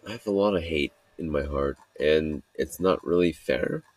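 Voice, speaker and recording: A man hosting a solo podcast, talking in a halting, self-critical ramble full of fillers and restarts. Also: rumbling low, no echo. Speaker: podcast host.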